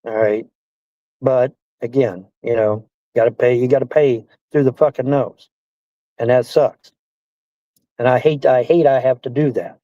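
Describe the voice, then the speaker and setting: A man's voice: mid-range voice, fairly even intonation, a little slow, dark tone, dry recording. A man ranting on a livestream, swearing a lot and repeating himself as he complains. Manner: profane, repetitive, indignant. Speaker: streamer. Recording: dull lo-fi stream audio.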